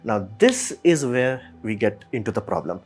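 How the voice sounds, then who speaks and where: A man's voice: medium pitch, sing-song, moderate pace, husky, soft background music. A man hosting a podcast, talking casually and emphatically, with rhetorical questions and mock quotes. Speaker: podcast host. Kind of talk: casual solo commentary.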